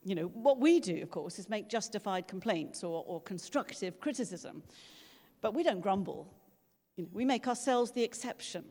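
A woman's voice: medium pitch, expressive, normal speed, mellow. A woman giving a sermon in a church, telling stories in a conversational way and acting out quoted voices. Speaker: preacher. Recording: long reverb from a large room.

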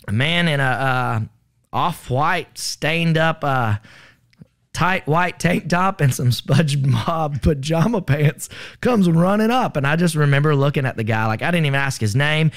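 A man giving an earnest personal testimony, rambling with many fillers. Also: on the high side. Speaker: storyteller recounting a rescue.

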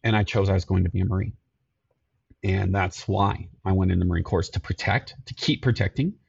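A middle-aged man, a podcast guest, telling his life story in an earnest, halting way, often repeating himself. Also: sits low, fairly even intonation, vocal fry, breathy edge, muffled recording. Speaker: podcast guest, security company owner.

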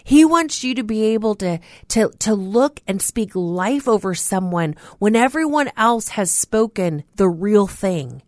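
A woman's voice: mid-range voice, measured pace, few pauses, no echo, clean studio sound. A woman giving an earnest, emphatic radio devotional as host. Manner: earnest preaching, animated and emphatic with laughs. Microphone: studio mic.

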